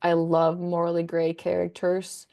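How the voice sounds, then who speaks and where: A woman's voice: lowish voice, monotone, unhurried, creaky, mellow. A young woman, a book content creator, chatting as a guest in a casual interview, rambling enthusiastically with lots of fillers.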